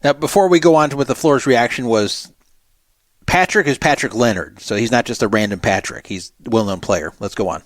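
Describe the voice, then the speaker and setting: A man's voice: mid-range voice, fairly quick, no echo. Man hosting talk radio, dry voice. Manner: explanatory, recapping for listeners. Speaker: radio show host.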